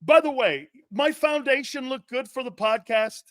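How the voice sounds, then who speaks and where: High, bright-voiced mocking sports talker. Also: male voice, moderate pace, no echo, studio quality. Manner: crude, sarcastic, mimics others in jeering voices; laughs often, jumps between loud outbursts and low mutters. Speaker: sports commentator.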